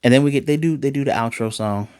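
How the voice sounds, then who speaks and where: Animated man recapping an anime episode. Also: mid-range voice, fast, clean tone, dry recording, studio quality. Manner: animated, retells scenes with quoted lines. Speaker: anime reviewer.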